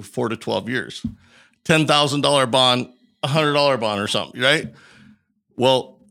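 A middle-aged man from Colorado, a podcast guest, telling a long personal story in an animated way and acting out the dialogue. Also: mid-range voice, gravelly. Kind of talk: storytelling in an interview.

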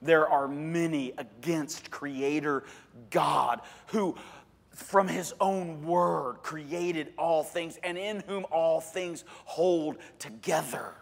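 A man preaching a sermon as a pastor, animated, with joking asides and sudden loud emphasis. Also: on the high side, slow pace, gravelly, long reverb tail.

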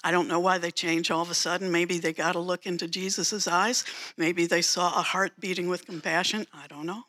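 A preacher delivers a sermon, telling the story with theatrical drama and returning again and again to emphatic phrases. The voice is bright and forward, and the pitch sits in a middle range. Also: fairly even intonation, fairly quick.

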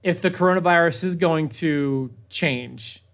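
A man's voice: fairly high pitch, measured pace, a bit bright. Man, podcast co-host, casual chat, blunt, opinionated, joking.

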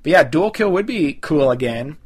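A man's voice: on the high side, animated, normal speed, slightly rough. A young man with a Californian accent hosting a podcast in a casual, rambling way. He reads a listener's email and then answers it, often correcting himself as he goes. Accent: General Californian. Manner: chatty, rambling, self-correcting. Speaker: podcast host.

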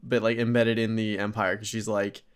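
A man co-hosting a podcast in casual chat, laid back and quick to laugh. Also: fairly low pitch, flat delivery, clean tone. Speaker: podcast co-host. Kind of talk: casual chat reviewing a show.

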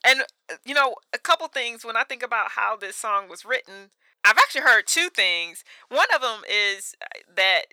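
A woman's voice: on the high side, expressive, moderate pace, pushed and bright, no echo. A woman in her thirties co-hosting a podcast, chatting casually and animatedly, laughing often and filling her talk with "like" and "you know.". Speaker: podcast co-host. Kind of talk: casual chat.

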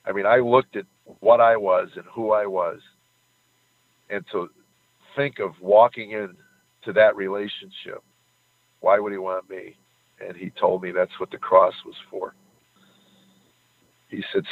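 A man telling the story of his faith in an earnest, halting way, choking up at times. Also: deep voice, gravelly, breathy edge, dry recording. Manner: earnest, halting, chokes up when moved. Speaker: comedian guest. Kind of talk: emotional faith testimony. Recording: tinny phone-like line.

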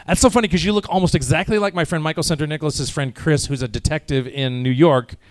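A man's voice: on the high side, fast talker, no room sound. A tired, jet-lagged man speaking casually to a live audience at a convention panel, rambling and joking with many restarts. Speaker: convention panel guest, voice actor. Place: convention hall panel room.

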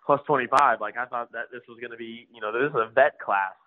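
A man's voice: medium pitch, quick pace, phone-quality sound. A man, a motocross rider and trainer telling a story in a casual, slangy way. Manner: laid-back, slangy, acts out quoted dialogue.

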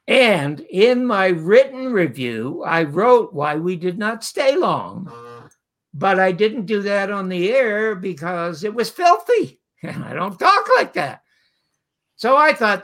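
An older man from Canada, an interview guest telling a long anecdote and acting out the voices of the people in it. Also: sits high. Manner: lively storyteller who acts out quoted voices. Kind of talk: anecdotal storytelling.

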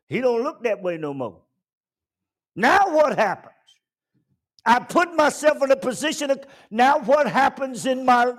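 High-voiced man preaching with dramatic swings. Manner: dramatic preaching, swinging between loud bursts and quiet asides. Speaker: pastor. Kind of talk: sermon.

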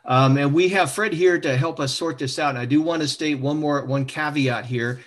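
A middle-aged man hosts an online talk over a video call. He speaks haltingly, filling pauses with many uhs, in a dry, close sound. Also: a little high, dry recording. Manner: hesitant, many fillers. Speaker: host. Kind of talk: online discussion show.

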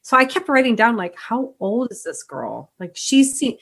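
A woman's voice: on the high side, very animated, moderate pace, gravelly, slightly rough. Woman on a movie podcast, chatty, laughs a lot, casual review talk. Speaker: podcast co-host.

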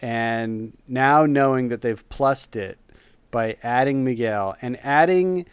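A man's voice: mid-range voice, takes it slowly, clear, resonant tone, dry recording. A man co-hosting a casual chat podcast, talking with enthusiasm and rambling at times. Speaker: podcast co-host.

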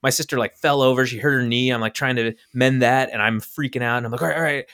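On a podcast, a young male co-host tells a story casually and talks fast, acting out quotes with big leaps in pitch. His animated voice has a clean tone, and the recording is dry with clean studio sound.

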